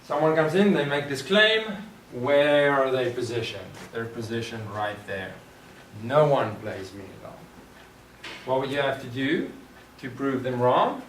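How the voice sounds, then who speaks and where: Male teacher, slow and deliberate, quizzes the class; roomy far-off classroom recording. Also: mid-range voice, fairly bright tone. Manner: thinks aloud, poses questions to the class. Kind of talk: classroom lecture. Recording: echoey room, distant mic, clear background noise.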